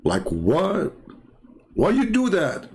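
A man's voice: high voice, huge pitch swings, slow, a little mellow. Mocking man with an Arabic accent. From Middle East. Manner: mocking, sarcastic, rambling. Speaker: channel host and religion critic. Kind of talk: livestream commentary.

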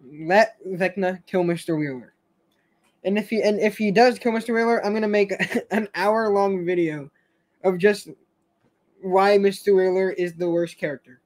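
This show fan host is a young man whose voice sits high, talking loosely to his stream audience. His speech wanders, with tripped-up words, restarted sentences and occasional laughter.

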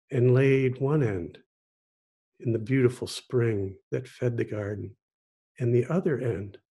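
A man, a pastor, telling a parable in a sermon, gently and with pauses. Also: medium pitch. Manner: slow, gentle storytelling with pauses. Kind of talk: storytelling sermon.

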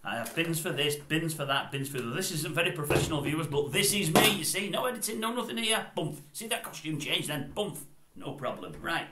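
A man's voice: on the high side, lively intonation, a little fast, sharp tone, slight background noise. An older man giving his opinions in a casual vlog, rambling and going off on tangents. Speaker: YouTube commentator. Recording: roomy echoey room.

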